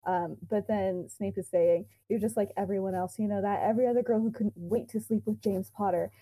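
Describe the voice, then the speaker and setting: A woman's voice: medium pitch, steady tone, brisk, warm tone, rough recording. A young woman co-hosting a podcast, casually retelling a fan-fiction story with quoted dialogue, lots of fillers and giggles.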